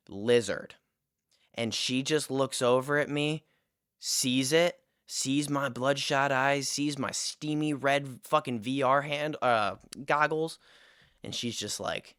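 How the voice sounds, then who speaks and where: A young man recounts a storytime tale with animated energy and frequent swearing. His voice sits at an ordinary middle pitch. The sound is dry and close, with almost no room echo. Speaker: storytime vlogger. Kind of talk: casual storytime vlog.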